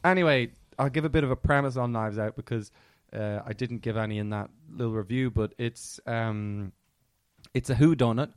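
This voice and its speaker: A man's voice: mid-range voice, normal speed, clear, resonant tone, no room sound, clean studio sound. A man co-hosting a film podcast in casual chat, who laughs easily and trails off while searching for names.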